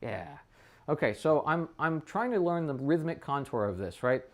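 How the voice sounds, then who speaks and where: A trumpet teacher talking a student through his practice session, thinking aloud and often checking in with a quick "right?". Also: a little high, lively intonation. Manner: thinks aloud with frequent restarts. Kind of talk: casual practice demonstration.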